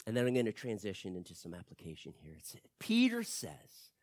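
A man preaching an expository sermon, animated and acting out the people he quotes. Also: fairly low pitch, brisk, no room sound. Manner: animated, acts out quoted speech.

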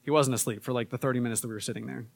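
A man preaching a casual sermon, relaxed and conversational with frequent fillers, and more emphatic when he reads scripture. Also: mid-range voice, racing, vocal fry, no room sound. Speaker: pastor.

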